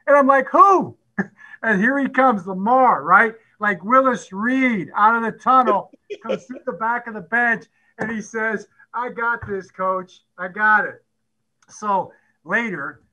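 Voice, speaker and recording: Brief: middle-aged man, football coach, lively storyteller who plays out quotes; higher pitch, bright edge. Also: measured pace, poor audio. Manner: animated storyteller who acts out quotes and laughs often. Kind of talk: storytelling at a conference talk.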